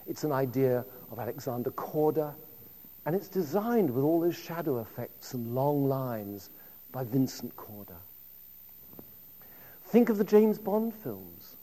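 A man's voice: medium pitch, big pitch swings, measured pace, mellow, long reverb tail. A man in his fifties giving a public lecture, telling anecdotes in a conversational way with asides to the audience.

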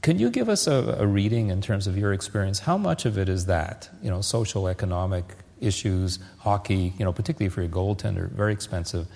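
A man moderates a panel, working his way into a question with fillers and restarts. His voice is lowish with a gravelly fry. The room adds a long hall reverb. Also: lively intonation, fairly quick, few pauses, a little mellow. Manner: hesitant, many fillers while framing questions.

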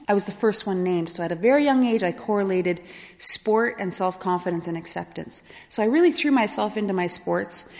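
A woman telling her life story to an audience, lively and often laughing as she acts out quoted voices. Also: mid-range voice. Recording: long hall reverb.

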